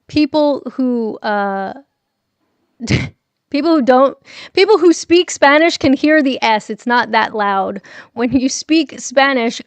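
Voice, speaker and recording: A woman's voice: fairly high pitch, slow, clear, resonant tone, no room sound. A woman hosting a casual morning livestream from home, chatting with viewers and reading their messages aloud, laughing often. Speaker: livestream host.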